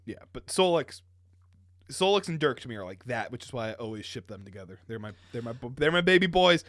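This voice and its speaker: A man's voice: medium pitch, big pitch swings, fast talker, a bit bright, no room sound, clean studio sound. A young man co-hosting a podcast, chatting casually and rambling, often breaking into laughter. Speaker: podcast co-host. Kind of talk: casual chat.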